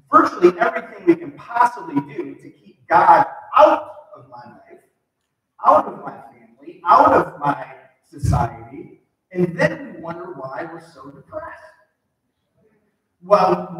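A man's voice: sits high, a bit bright. A man preaching a sermon in a conversational way, often asking the congregation questions. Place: church sanctuary. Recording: distant mic in an echoey hall.

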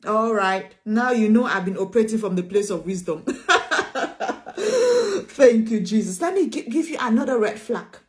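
A woman's voice: medium pitch, expressive, a little fast, few pauses, darkish tone. A woman preacher, preaching an emphatic sermon, repeating phrases and calling listeners sweetheart.

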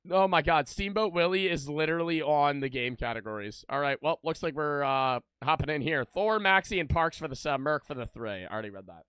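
A man's voice: fairly high pitch, expressive, a little fast, few pauses, fairly bright tone, clear, resonant tone, no echo. Casual, swearing young male streamer. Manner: casual, profane, chatty with viewers. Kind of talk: live gameplay commentary. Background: game music.

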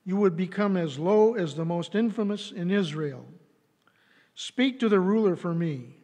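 A man's voice: high voice, lively intonation, measured pace, warm tone, long reverb tail. A man reading the lines of a desperate young princess in a plain voice. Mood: pleading.

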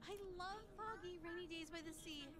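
A woman's voice: very high-pitched, a little fast, noisy background. A woman voicing a flirty female tentacled eldritch goddess in a dating-sim game, doting, teasing and dramatic. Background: game music.

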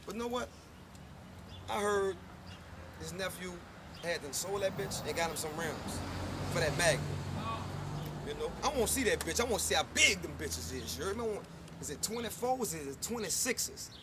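A man's voice: high voice, animated, moderate pace, long pauses. A man with a New Orleans accent, a rapper, giving an unscripted, profane and boastful rant to the camera on a neighborhood street. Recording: loud street noise with passing cars.

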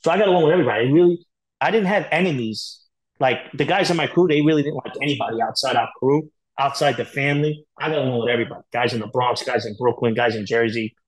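Male guest, speaks fast, blunt and profane, rambling candid storyteller. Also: mid-range voice, rough recording. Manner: rapid, blunt, profane, filler-heavy storytelling. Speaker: podcast guest.

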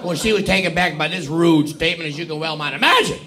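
Brief: male stand-up comic, high bright voice, drawling storyteller acting out characters, faint club crowd behind. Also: fast talker. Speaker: stand-up comedian. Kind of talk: stand-up joke telling. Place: comedy club stage with live audience. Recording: audience laughter, faint crowd noise.

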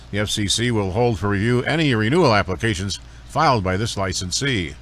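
Guy reading ham radio news, steady and measured, mid voice. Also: mid-range voice. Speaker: news anchor. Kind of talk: read news report.

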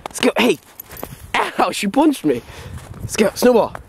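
A man filming his dog on a rural front lawn and calling to her in high sing-song calls with chuckling asides. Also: big pitch swings, unhurried. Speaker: vlogger. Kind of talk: casual vlog, playing with his dog. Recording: outdoor recording with clear background noise.

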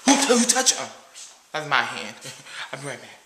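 Guy doing a cheapskate date dude, jumpy and bragging, bright voice in an echoey room. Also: medium pitch, steady tone, normal speed, a little hiss or hum, voice pushed down. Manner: boastful, jittery, talks about himself as "your boy". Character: cheap, nervous male date who boasts. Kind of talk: comedy skit.

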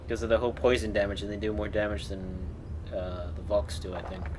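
A man's voice: on the low side, little pitch movement, quick pace, noisy background. A man streaming a game live, casually muttering and swearing as he plays. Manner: casual, profane, muttering to himself. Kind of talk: live gameplay commentary.

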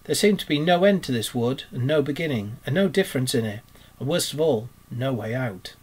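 A man, a teacher, reading a children's story aloud in a steady, expressive narrating voice. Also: medium pitch, a little fast, slightly rough.

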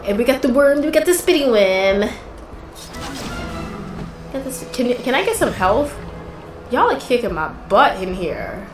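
A woman's voice: on the high side, big pitch swings, a little slow, long pauses, echoey room, music in the background, poor audio. A woman hosting a gaming channel, chatting casually and exclaiming in frustration as she plays. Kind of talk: casual gameplay commentary.

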